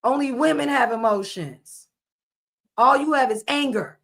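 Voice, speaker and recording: Blunt, scolding woman with a high voice. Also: unhurried, creaky, a bit bright. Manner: blunt, scolding, repetitive and emphatic. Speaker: commentator. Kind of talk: casual reaction commentary.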